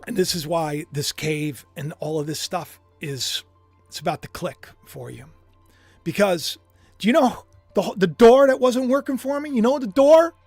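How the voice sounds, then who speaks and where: Male livestream preacher, animated and emphatic, dry voice over faint music. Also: sits high, no echo. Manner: emphatic, swings from hushed to shouting. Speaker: preacher streaming live.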